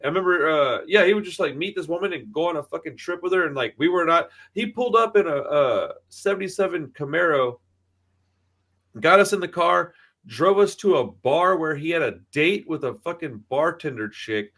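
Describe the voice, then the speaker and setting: Man, fairly high voice, podcast co-host, casual storytelling, swears a lot, acts out quotes. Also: animated, normal speed, fairly bright tone. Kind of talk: casual chat.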